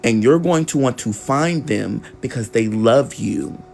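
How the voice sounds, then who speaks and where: Dude voicing his mom, slow solemn talk, calm and serious. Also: mid-range voice, vocal fry, slight background noise. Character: loving adoptive mother, calm and serious.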